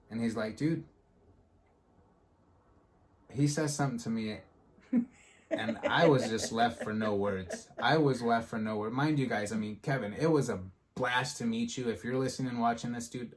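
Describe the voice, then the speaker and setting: A man hosting a podcast, telling a story in casual chat and acting out the quotes with lively energy. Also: medium pitch, moderate pace. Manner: animated, acts out quotes in a storytelling style. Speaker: podcast host.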